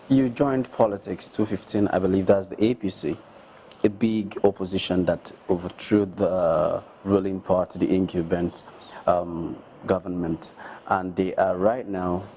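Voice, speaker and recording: A man's voice: deep voice, warm tone, a little hiss or hum, rough recording. A man interviewing a political candidate, asking long, winding questions. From Nigeria.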